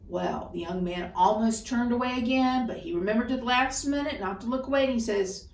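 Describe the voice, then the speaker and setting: A woman storyteller telling a folktale in an expressive, deliberate way. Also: medium pitch, vocal fry, far from the mic. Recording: roomy echo, voice off-mic.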